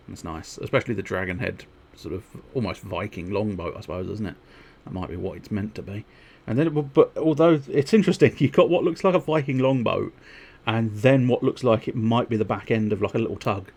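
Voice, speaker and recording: A man's voice: lowish voice, a little mellow, slightly rough. A man streaming a video game, rambling in casual commentary with wry, chuckling asides.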